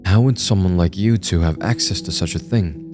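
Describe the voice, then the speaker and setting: A man voicing a menacing creature gang leader in a low, threatening voice. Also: normal speed, over music, close to an everyday voice.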